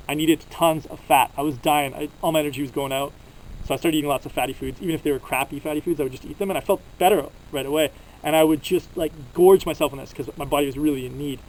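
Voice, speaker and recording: A young Canadian vlogger tells travel stories outdoors at a desert campsite, rambling casually and using plenty of fillers. His voice is a little high, and the audio is poor.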